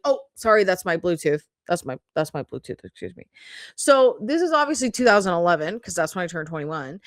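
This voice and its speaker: A woman's voice: mid-range voice, no echo, clean studio sound. A woman in her thirties hosting a podcast, telling stories in a casual, rambling way with plenty of "like" and "um" and frequent swearing. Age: 30s. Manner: chatty, swears freely, lots of "like" and "um". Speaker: podcast host. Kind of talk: casual storytelling monologue.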